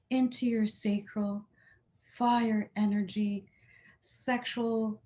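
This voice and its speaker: A woman guides a chakra meditation in a slow, unhurried voice. She speaks gentle, soothing affirmations at a middle pitch and invites listeners to repeat them. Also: steady tone.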